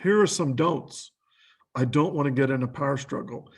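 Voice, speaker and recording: A man's voice: medium pitch, moderate pace, husky. A man giving a training lecture who talks in lists of short questions and acts out quoted lines.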